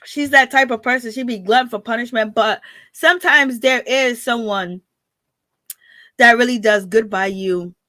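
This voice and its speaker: A woman's voice: on the high side, normal speed, bright, forceful tone, dry recording. A woman giving a casual gossip commentary as a reality TV recap vlogger, chatty and slangy, laughing often.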